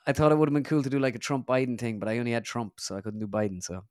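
Fast-running Irish guest, dry close sound. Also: male voice, mid-range voice, a little mellow, no echo. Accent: Irish, Midlands. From Ireland. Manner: quick, runs sentences together, many fillers. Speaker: comedian and impressionist, guest. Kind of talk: casual podcast interview.

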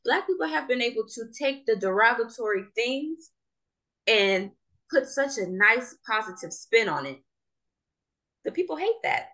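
Lively young woman in casual chat. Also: a little high, a little slow. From Jamaica. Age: young adult. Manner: animated, laughs while talking. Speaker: podcast co-host.

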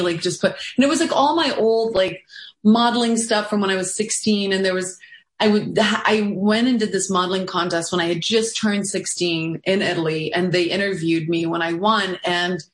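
A woman's voice: medium pitch, echoey room. A woman actor from South Africa whose first language is Afrikaans, chatting as an interview guest in a candid, self-mocking, rambling way. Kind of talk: casual interview chat.

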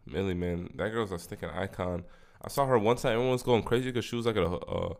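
A man's voice: fairly low pitch, fast talker, creaky, a little mellow. A man co-hosting a casual podcast, laid-back with short slangy replies. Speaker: podcast co-host. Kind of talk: casual chat.

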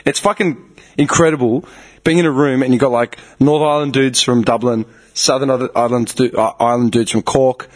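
A man from Melbourne with an Australian accent, chatting casually with friends on a podcast, swearing a lot and laughing loudly. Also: mid-range voice, steady tone, normal speed. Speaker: podcast co-host. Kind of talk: casual banter among friends.

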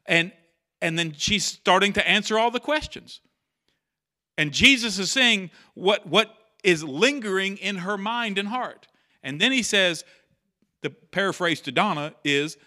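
A man's voice: high voice, expressive, normal speed, bright, forceful tone. A man preaching a sermon in church, talking conversationally, repeating key phrases and acting out quotes. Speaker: pastor.

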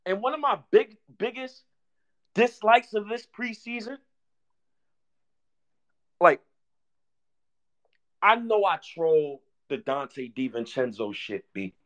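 A man's voice: high voice, expressive, slow, long pauses, fairly bright tone. A man hosting a fan show, ranting heatedly and profanely, repeating himself as he vents. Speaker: sports fan show host.

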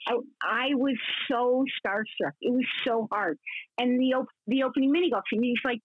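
A woman in her sixties, a guest actress telling rambling, animated stories in a casual interview, full of restarts. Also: on the high side, moderate pace, no echo. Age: 60s. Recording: husky voice over a tinny phone line.

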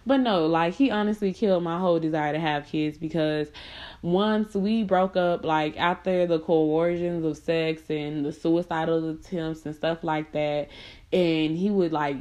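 A young adult woman telling a personal story in a casual, slangy, blunt way, laughing between lines and jumping into high mocking voices when she quotes people. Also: fairly even intonation, unhurried, a little mellow.

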